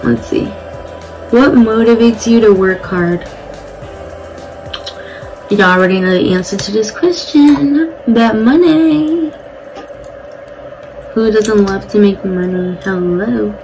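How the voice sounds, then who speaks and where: A young beauty vlogger chats casually and bluntly while doing her makeup at home, swearing now and then in a get-ready-with-me talk. Her medium-pitched, slightly mellow voice moves at a measured pace with long pauses. The audio is poor, with music playing behind her.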